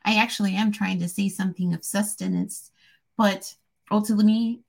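A woman talking to camera in a rambling, heartfelt vlog, soft-spoken and a little tearful. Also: mid-range voice, steady tone, moderate pace, gravelly. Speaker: vlogger. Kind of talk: emotional personal vlog.

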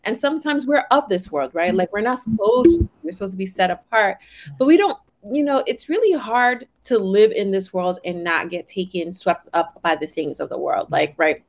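A woman's voice: medium pitch, expressive, normal speed. A woman talking casually about faith and unconditional love, often checking in with others with "right?".

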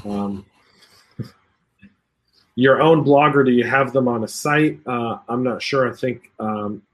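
A man hosts a live stream over a video call, reading viewer comments and reacting with laughs. His delivery is animated, and he acts out the voices of the people he quotes. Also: medium pitch, slow pace. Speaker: podcast host.

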